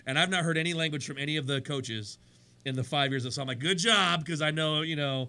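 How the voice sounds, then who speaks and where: A man hosting a sports radio show in a studio, chatty and energetic, his voice worn from days of talking. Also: on the high side, fast, clear, resonant tone. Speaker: radio show host and pastor. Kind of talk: casual sports radio chat.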